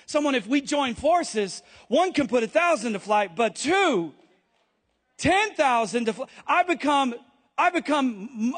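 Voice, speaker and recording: A male pastor with a notably high voice preaches to his church in an animated, joking way. He breaks off into quick asides, teasing himself and the room as he makes his points. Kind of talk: sermon.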